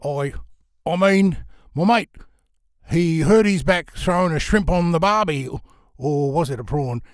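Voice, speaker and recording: A man's voice: fairly high pitch, unhurried, no room sound, clean studio sound, voice pushed up, natural voice. A man doing a stammering vampire's lackey. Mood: flustered. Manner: flustered, stammering, over-eager. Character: bumbling male vampire's servant faking an Australian accent.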